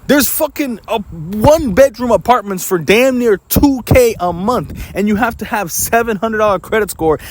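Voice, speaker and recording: Young male vlogger with a high voice, angry and profane, ranting straight to camera. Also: slight background noise. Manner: angry, profane, rapid-fire complaining; mocks others in put-on quoting voices. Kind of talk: ranting monologue.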